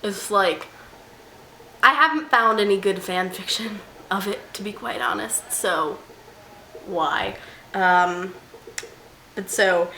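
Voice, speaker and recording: A young woman talking through a book in a casual vlog. She is animated and self-mocking, swinging into mock outrage. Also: medium pitch. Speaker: book vlogger. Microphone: camera mic. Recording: roomy room with faint hiss.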